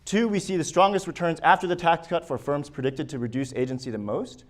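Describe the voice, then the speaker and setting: A man's voice: fairly high pitch, fairly even intonation, fairly quick. A man giving an academic research presentation at a conference. He walks listeners through his slides and often restarts his sentences. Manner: hesitant, with frequent restarts and fillers. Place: conference session room.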